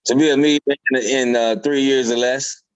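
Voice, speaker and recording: A man joining a webinar over a video call, sharing his goals in a hesitant, halting way full of fillers. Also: medium pitch, steady tone, smooth, highs cut off. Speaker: webinar participant.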